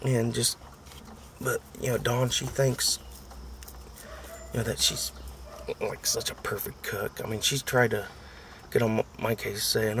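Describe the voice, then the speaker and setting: American dude in his 30s ranting casually, mocking folks, mid pitch, faint noise behind. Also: level tone, measured pace, long pauses, a bit bright. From United States. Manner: rambling, complaining, mocking. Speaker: vlogger. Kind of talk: casual chat.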